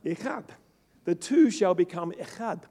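A man preaching a sermon to a congregation, rising to loud, emphatic peaks and then dropping low and soft. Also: lively intonation, moderate pace. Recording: long reverb of a large hall.

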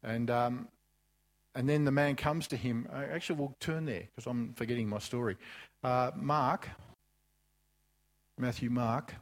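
A man's voice: medium pitch, measured pace, pauses often. A man preaching a sermon, telling a story loosely with asides and then rising to fervent emphasis. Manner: loose and chatty, with asides and restarts.

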